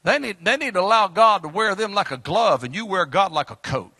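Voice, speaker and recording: A man preaching a fiery sermon, swinging between sudden shouts and hushed asides. His voice is high and bright, rising and falling widely. The sound is dry and close. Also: lively intonation, fairly quick, slightly rough, dry recording. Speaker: pastor.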